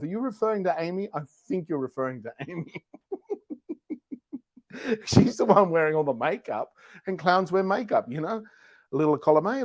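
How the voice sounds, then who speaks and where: A man's voice: a little high, dry recording. A man co-hosting a live online talk show, joking in an easygoing way. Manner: jokey, easygoing. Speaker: co-host. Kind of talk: casual live-stream chat.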